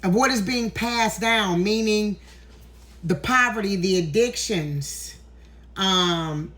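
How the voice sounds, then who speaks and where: A woman's voice: medium pitch, slow, fairly bright tone. A woman in an emotional vlog monologue, emphatic and preachy, near tears, swearing freely as she speaks into her phone indoors. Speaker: tarot content creator. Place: indoors, walking in a hallway.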